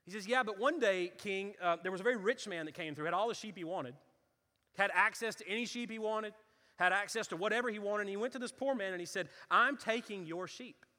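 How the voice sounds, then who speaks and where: Man, preacher, bright ringing voice, animated storytelling, long hall reverb. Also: sits high, brisk. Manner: animated storytelling, acts out voices, builds to fervent intensity. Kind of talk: sermon.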